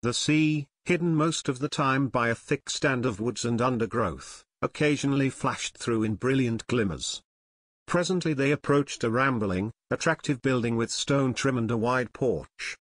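A man narrating an audiobook in a steady, even storytelling manner. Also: medium pitch, normal speed, dry recording. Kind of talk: scripted narration.

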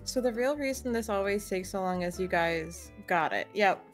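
A woman's voice: medium pitch, normal speed, faint music behind. A young woman chatting playfully on a live game stream, joking and giggling. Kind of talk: casual live-stream chat while gaming.

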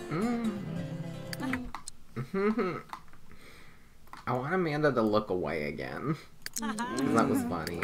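A woman's voice: extremely low pitch, very animated, takes it slowly, pauses often. A young adult woman giving casual commentary on her life-simulation game, chatty and laughing often, swearing freely. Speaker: gameplay commentator. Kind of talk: casual let's-play commentary. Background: loud game music.

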